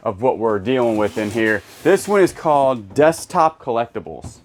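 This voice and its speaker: A man's voice: mid-range voice, expressive, moderate pace. A man hosting a casual storage unit unboxing, cracking goofy jokes as he unpacks. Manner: joking, goofy asides. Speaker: storage unit reseller host. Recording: faint background noise, birds.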